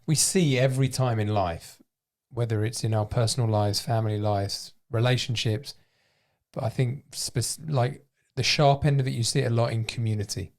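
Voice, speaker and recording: A man's voice: medium pitch, steady tone, normal speed. Loose, rambling male podcast host. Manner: loose, rambling, thinks aloud. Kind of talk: casual chat. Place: podcast studio.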